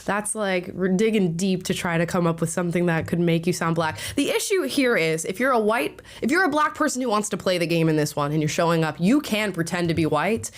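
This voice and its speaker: A woman's voice: lowish voice, animated, fairly quick, hardly any pauses. A young woman hosting a reaction video in casual, opinionated commentary, often laughing.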